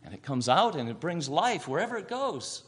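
A man's voice: on the high side, sing-song, moderate pace, slightly rough. A man preaching a sermon, asking rhetorical questions and answering them himself.

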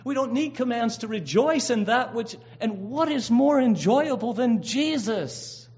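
A man's voice: very high voice, expressive, measured pace, a little mellow. A man preaching a sermon, earnest and emphatic, drawing out key words and often restarting his phrases. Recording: dull lo-fi recording.

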